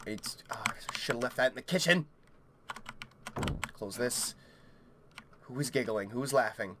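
A man's voice: medium pitch, measured pace, long pauses, fairly bright tone, a little hiss or hum. A young man narrating a horror game as he plays, panicky, swearing and rambling to himself, with his keyboard clicking faintly at a desk mic. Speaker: gaming YouTuber. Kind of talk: horror game let's play commentary.

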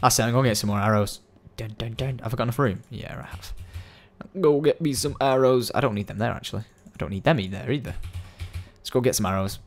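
A young man giving excitable, rambling let's-play commentary, coaxing and shouting at the game. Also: medium pitch, fast talker. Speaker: gaming video host.

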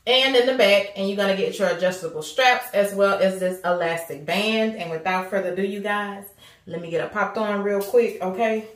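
A woman's voice: mid-range voice, moderate pace. A woman chatting casually to viewers as she reviews a wig, calling them honey and baby. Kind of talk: casual product review vlog. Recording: echoey room.

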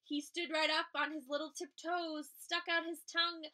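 Woman teacher, storybook read-aloud, high bright voice, lively character voices. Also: a little slow, rough recording. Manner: expressive, acting out animal voices. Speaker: teacher reading a picture book.

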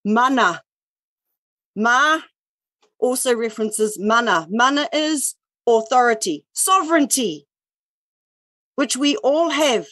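A woman's voice: fairly high pitch, animated, takes it slowly, pauses often, sharp tone, dry recording. A woman with a New Zealand accent, talking earnestly on a video call in a sharing circle, with many fillers and restarts. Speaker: indigenous speaker in a sharing circle. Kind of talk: casual online sharing circle talk.

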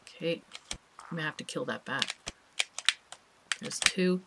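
A woman's voice: low-pitched, lively intonation, measured pace, very noisy. A woman hosting a let's play, chatting casually and thinking aloud as she plays, with small laughs. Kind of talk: casual gameplay commentary.

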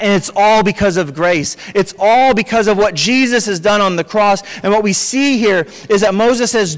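A pastor with a high voice preaches an earnest sermon, sometimes restarting his sentences and filling pauses. His voice rings out in a church sanctuary with a long reverb tail. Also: fairly bright tone.

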